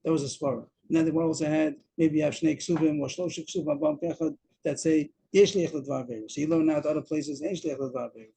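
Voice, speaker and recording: On a video call, a man teaches a daf yomi Talmud lesson fairly quickly with fairly even intonation, repeating words, mixing in Aramaic terms and going step by step. His voice is on the high side, dark and husky with vocal fry, and the audio is poor.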